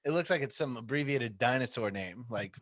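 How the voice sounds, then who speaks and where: Podcast co-host, male, mid-pitched, dry studio sound, profane rambling storyteller. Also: lively intonation, fairly quick, fairly bright tone, no echo. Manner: profane, rambling storyteller who laughs often. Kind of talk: casual chat.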